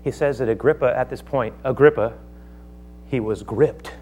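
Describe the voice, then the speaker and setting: A man's voice: mid-range voice, moderate pace, a little hiss or hum. Man preaching a dramatic sermon. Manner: dramatic, acts out the speakers of his text with sudden loud outbursts. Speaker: pastor.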